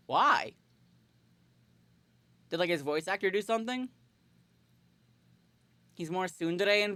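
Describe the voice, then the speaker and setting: A woman streamer giving casual, excitable and jokey commentary on a game, swearing often, on a close mic. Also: on the low side, slow, long pauses, no echo.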